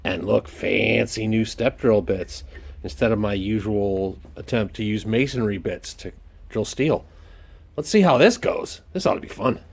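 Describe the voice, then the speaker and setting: In a home workshop, a man with a lowish, creaky voice hosts a casual DIY vlog at a moderate pace with fairly even intonation, over slight background noise. He's joking and playful, exclaiming as he works and slipping into a put-on Irish lilt.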